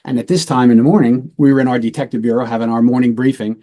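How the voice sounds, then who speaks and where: A man's voice: medium pitch, steady tone, quick pace, dark tone. A middle-aged man, a retired police lieutenant, telling a true-crime case in a casual, matter-of-fact way and acting out the voices of the people in it.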